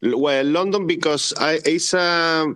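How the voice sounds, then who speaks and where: A man's voice: a little high, crowd noise. A man from Spain in his thirties, speaking English with a Spanish accent, full of restarts, as the guest artist in a live interview. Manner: halting non-native English with many restarts.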